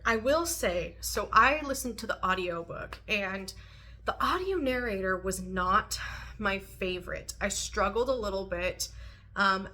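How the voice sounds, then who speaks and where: A young adult woman talking casually to camera in a book review vlog, chatty and animated, laughing often and filling pauses with "um" and "like". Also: medium pitch.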